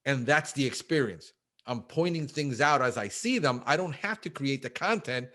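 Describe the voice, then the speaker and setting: Male guest, casual and energetic, medium pitch, talks quickly in bursts. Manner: fast, animated, says "bro", acts out quotes. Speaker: guest, pest control business owner. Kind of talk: casual interview chat.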